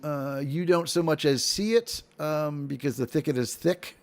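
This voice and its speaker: A man runs a tabletop role-playing session as dungeon master, talking loosely and laughing often. His voice sits a bit high for a man. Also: normal speed. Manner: rambling, laughs often, many fillers. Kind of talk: running a tabletop game. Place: home streaming setup.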